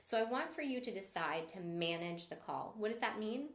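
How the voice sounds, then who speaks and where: An upbeat, encouraging woman teaching a live-streamed sales training. Her voice sits in a middle pitch range and rings with the echo of the room she records in. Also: expressive, normal speed. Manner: upbeat and encouraging, greets viewers mid-talk. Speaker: sales coach.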